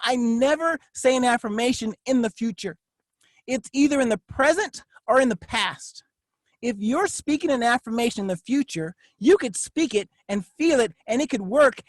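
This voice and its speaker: A man coaching in a motivational vlog, pressing each point with emphatic repetition in a preacher-like cadence. He drops into a low, confiding tone for his asides. The room is completely dry, with no echo at all. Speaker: network marketing coach.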